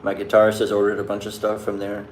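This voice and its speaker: A man's voice: fairly low pitch, monotone, fast, darkish tone, echoey room, slight background noise. A young man casually chatting and answering viewer questions, rambling with lots of "like" and restarts. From Canada. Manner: rambling, loose, many likes and restarts. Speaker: vlogger answering live chat. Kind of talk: casual chat.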